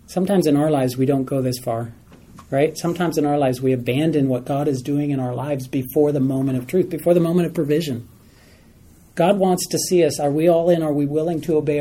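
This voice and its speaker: A man teaching a Bible study class, animated, often repeating phrases and putting questions to the class. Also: on the high side.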